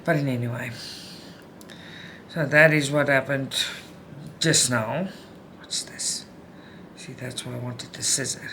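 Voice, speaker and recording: A middle-aged woman vlogging about cross-stitch at home, upset and frustrated, venting in a halting way with many restarts. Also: extremely low pitch, steady tone, noisy background. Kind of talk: casual chat while stitching.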